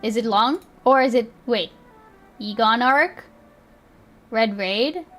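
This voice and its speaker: A woman's voice: fairly high pitch, takes it slowly, a bit bright, soft background music. A young woman streamer chatting casually with her viewers. She rambles, laughs often and swears easily. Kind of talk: casual live-stream chat.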